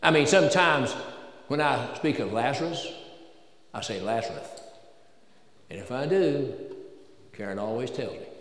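A man's voice: medium pitch, lively intonation, normal speed, pauses often, fairly bright tone. A man with a Southern American accent preaching a sermon in a church, folksy and joking at times, building to emphatic peaks. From Southern United States. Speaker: pastor. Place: church sanctuary. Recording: echoey church hall with long reverb.

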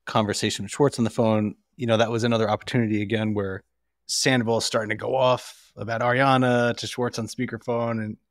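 A man co-hosting a casual podcast beside his wife, talking through a reality show in a measured, reasoned way and often saying "you know". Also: mid-range voice, flat delivery, dry recording, clean studio sound. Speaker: guest co-host, husband of the host. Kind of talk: casual reality-TV recap chat.

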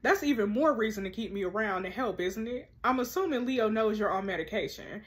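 Sassy woman reading and reacting. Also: medium pitch. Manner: sassy, animated, quick-tempered commentary with slangy asides. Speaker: host. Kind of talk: reading a text-message story game aloud with reactions.

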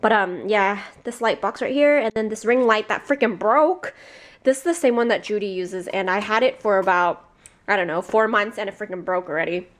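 A woman's voice: medium pitch, moderate pace. A young woman vlogging casually from her apartment bedroom into a handheld camera, chatty and rambling with frequent giggles. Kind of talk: casual vlog chat.

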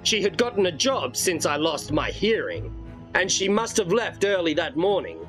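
A man's voice: high voice, sing-song, normal speed, a bit bright, soft background music, rough recording. A man reading a horror storybook aloud in dramatic first-person narration.

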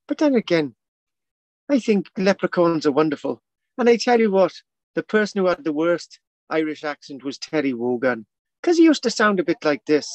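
A man's voice: fairly high pitch, no echo, voice pushed down, close to an everyday voice. A man putting on a cheeky stage Irishman. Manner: playful, stammering, sing-song comic. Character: exaggerated jokey stage Irishman, cheeky and rambling.

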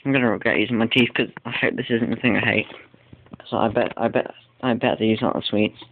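A man's voice: medium pitch, steady tone, fast talker. A teenage boy vlogging casually at home, rambling and complaining in an exaggerated, whiny way, recorded on a tinny, lo-fi line with faint hiss.

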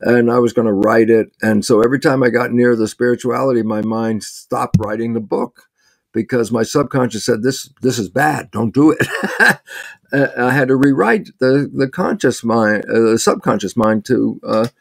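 Gravelly older man explaining. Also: mid-range voice, moderate pace. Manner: animated storyteller, acts out little dialogues, chuckles often. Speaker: interview guest, biologist and author. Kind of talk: conversational explaining.

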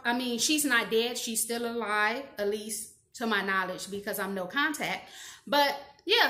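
This is a woman with a fairly high, bright voice telling her own story to the camera in a candid, chatty way. She laughs at herself now and then. The sound is echoey, as if she were in a bare room. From Gary, Indiana, USA. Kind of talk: casual storytime monologue.

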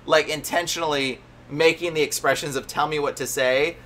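A man's voice: on the high side, fairly even intonation, moderate pace, a bit bright. A man co-hosting a casual faith chat, telling his story with animation, acting out quotes and laughing often. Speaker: co-host.

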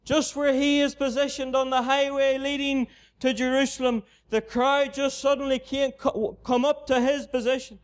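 A Northern Irish man preaching a gospel sermon in a mission tent. His voice sits very high and holds a flat, even line. He repeats his appeals to the unbeliever with steady earnestness. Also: normal speed.

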